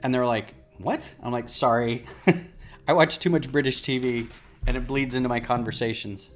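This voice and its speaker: A man's voice: mid-range voice, fairly quick, soft background music. A man chatting casually on a livestream while he builds, rambling and self-deprecating. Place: home office.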